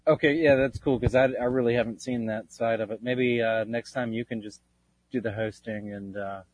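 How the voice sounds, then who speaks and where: A man with a husky, slightly breathy voice co-hosts a casual chat. He rambles easily and drifts through fillers. The sound is close and dry. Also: mid-range voice, steady tone, normal speed, a little mellow, no echo. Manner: easygoing, rambling, full of fillers. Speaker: co-host.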